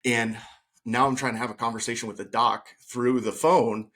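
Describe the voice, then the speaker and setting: Guy on a podcast telling his story, earnest, acts out the quotes, regular pitch. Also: steady tone, normal speed, fairly bright tone. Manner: earnest, retells scenes by acting out quoted speech. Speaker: podcast guest. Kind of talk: personal storytelling in conversation.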